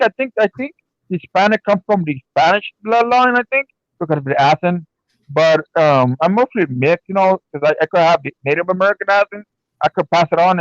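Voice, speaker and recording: A man co-hosting a home stream in casual chat, rambling and halting with many fillers. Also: high voice, no room sound. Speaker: stream co-host. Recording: dull lo-fi stream mic.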